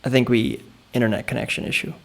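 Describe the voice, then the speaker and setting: Brief: man, podcast host, deadpan and clueless. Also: mid-range voice, quick pace, vocal fry. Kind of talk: deadpan comedy interview sketch.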